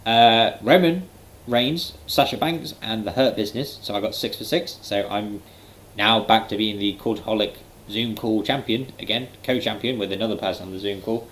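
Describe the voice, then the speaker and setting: A man's voice: fairly low pitch, a bit bright, slight background noise, rough recording. A man giving a casual, filler-heavy spoken reaction to a wrestling event. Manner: chatty, lots of fillers, quotes others in exaggerated voices. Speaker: wrestling vlogger.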